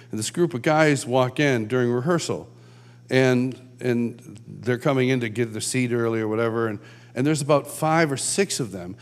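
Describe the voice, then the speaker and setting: A man giving a conversational sermon at a conference, telling stories and acting out shouted quotes. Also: medium pitch. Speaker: conference speaker. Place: large church hall.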